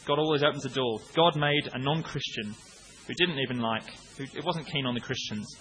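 A man in his late thirties preaching a conversational sermon, breaking into acted-out shouts now and then. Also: medium pitch, fairly quick, slight background noise, poor audio. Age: 30s.

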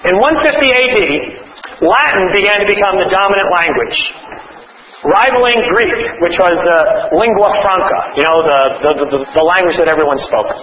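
A male preacher with a high, bright, forceful voice delivers an earnest sermon to a live audience. He trips over and repeats his words, then slips in wry jokes. The sound is roomy and a bit dull, as if captured in a reverberant hall. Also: animated, a little fast, slight background noise. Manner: earnest, stumbling restarts, wry asides. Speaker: preacher and author. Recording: roomy, slightly dull recording.

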